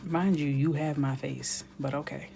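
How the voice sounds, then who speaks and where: A woman in her thirties, chatting casually on a coloring live stream and telling playful, animated stories that sometimes drop to a whisper. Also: sits low, unhurried, vocal fry.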